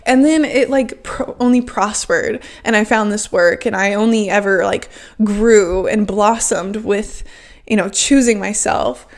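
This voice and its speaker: A woman's voice: medium pitch, measured pace. A woman hosting a podcast, talking frankly and emphatically in a casual self-help monologue, with lots of "like" fillers. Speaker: podcast host.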